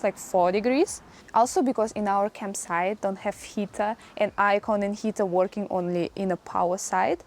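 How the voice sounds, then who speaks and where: A woman's voice: medium pitch, darkish tone, a little hiss or hum. A young woman with a Russian accent, casually showing her packing in a travel vlog and laughing often. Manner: laughs often, lists items briskly. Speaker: vlogger.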